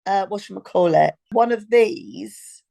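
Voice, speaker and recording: Gravelly woman in her fifties. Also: medium pitch, measured pace, dark tone. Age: 50s. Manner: rambling, hunts for words with fillers. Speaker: podcast co-host. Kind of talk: casual chat.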